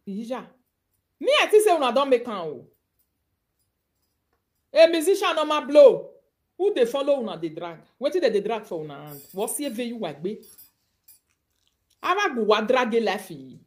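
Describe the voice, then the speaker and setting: A woman's voice: a little high, big pitch swings, normal speed. A woman with a Nigerian accent ranting on a live video, mocking and scolding her targets. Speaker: online commentator.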